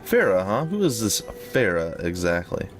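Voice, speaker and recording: A man's voice: low-pitched, big pitch swings, normal speed, soft background music, pitched below the performer's own voice. A man voicing a young female sword-fighting heroine who talks in a dry, sardonic way.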